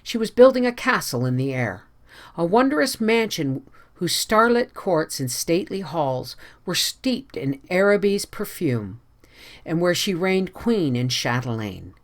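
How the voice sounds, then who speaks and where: Expressive audiobook narrator, lively pitch. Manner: expressive, measured reading. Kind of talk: scripted narration.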